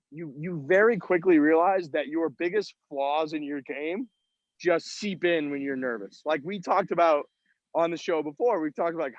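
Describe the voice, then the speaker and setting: A man with a slightly high voice tells self-deprecating golf stories, swearing freely in a casual, rambling way. He is calling in from outdoors at a golf event. The sound is dull and lo-fi, with little room echo. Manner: profane storytelling, self-mocking. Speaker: podcast co-host. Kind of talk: casual chat.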